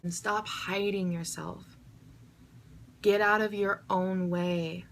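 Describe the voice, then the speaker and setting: A woman's voice: mid-range voice, fairly even intonation, slow pace, slight background noise. A young woman vlogging to her viewers in an emotional, heartfelt way, swearing freely and urging them to love themselves. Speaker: vlogger answering viewer questions. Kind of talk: emotional direct-to-camera vlog.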